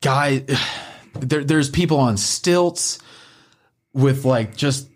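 Animated, swearing man telling a story. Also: medium pitch, extremely slow. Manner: animated, swears often, acts out quotes. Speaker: podcast storyteller. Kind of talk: casual storytelling.

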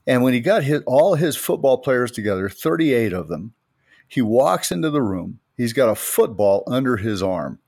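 A man's voice: medium pitch, big pitch swings, normal speed, a little mellow, no echo, clean studio sound. A middle-aged man from the United States, co-hosting a podcast and telling anecdotes with emphasis. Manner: storytelling, emphatic retelling of anecdotes. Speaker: podcast co-host. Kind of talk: casual faith podcast chat.

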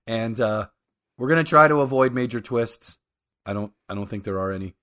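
A man's voice: mid-range voice, normal speed, pushed and bright. A man co-hosting a podcast, mock-apologetic, stammering and laughing in casual chat. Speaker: podcast co-host.

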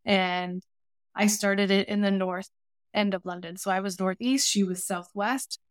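A woman's voice: medium pitch, a little slow, smooth, no room sound. Dry-sounding woman telling stories. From Canada. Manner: lively anecdotal storytelling with voiced asides. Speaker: podcast guest, baker and cooking teacher. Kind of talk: casual interview storytelling.

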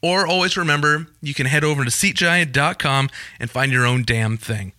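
A young man hosting a podcast, plugging events in quick, joking casual chat. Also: fairly high pitch, sharp tone, no echo. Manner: fast-talking, joking, self-deprecating. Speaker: podcast host.

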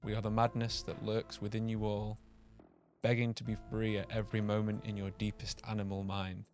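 A cold, menacing disfigured survivor, as a podcast host puts him on for a spoken horror tale. He talks slowly in a low, hushed and ominous voice. Faint music plays behind him. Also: completely flat delivery, lightly acted. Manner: slow, low, ominous delivery.

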